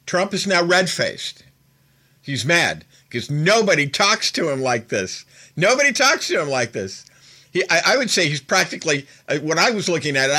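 A man's voice: fairly high pitch, bright, forceful tone. A man hosting a political commentary show, recounting an interview in a casual, incredulous and mocking way, laughing as he goes.

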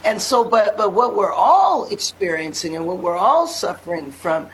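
An older woman speaking as a city mayor, guest on a casual interview, confident and measured with frequent fillers. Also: mid-range voice, big pitch swings, poor audio.

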